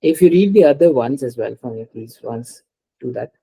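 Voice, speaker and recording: A man's voice: medium pitch, animated, moderate pace, gravelly, mellow, slight background noise, rough recording. A man teaching French in a one-on-one lesson, patiently explaining rules step by step and asking his student to read aloud.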